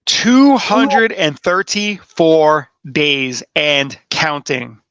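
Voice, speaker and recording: A man who manages wrestlers talks with cocky, playful bravado, gloating over his team's wins. His voice is bright and forceful, a touch high, and the sound is dry and close with no room. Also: very animated, drawn-out words, clear, resonant tone, no room sound, highs cut off. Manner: boastful, playful heel bravado. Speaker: wrestling manager, podcast guest. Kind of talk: casual podcast chat.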